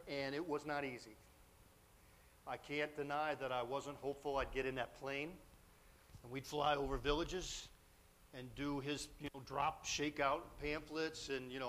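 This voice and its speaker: Male preacher, storytelling sermon, animated, somewhat high-pitched voice. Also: unhurried, a little hiss or hum. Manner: animated storyteller, acts out quotes, grows loud and excited.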